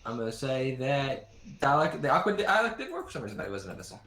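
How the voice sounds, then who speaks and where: Halting game master man, echoey room. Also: medium pitch, big pitch swings, a bit bright. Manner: halting, with many fillers. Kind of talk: narrating a tabletop game. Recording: echoey room with faint background noise.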